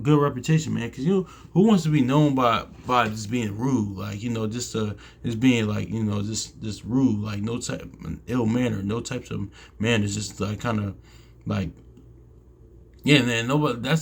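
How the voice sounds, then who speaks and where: A man talks through scripture in a relaxed teaching style, reading verses aloud and pausing to explain them. His voice sits low, with a gravelly, husky edge. He speaks haltingly, restarting phrases and often tagging them with "man".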